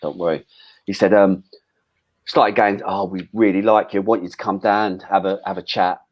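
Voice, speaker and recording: A middle-aged man recounting his playing days in a relaxed, rambling way. His voice sits a little low, and he trips over restarts and drops the odd swear word. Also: normal speed, highs cut off. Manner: chatty, frequent restarts and "um"s, swears casually. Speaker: former footballer guest. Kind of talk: casual interview storytelling.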